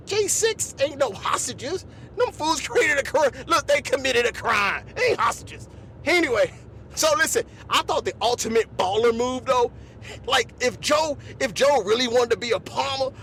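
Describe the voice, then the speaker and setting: A man hosting a podcast, delivering an animated comedic monologue full of laughs and repeated asides. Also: very high voice, slight background noise. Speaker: podcast host.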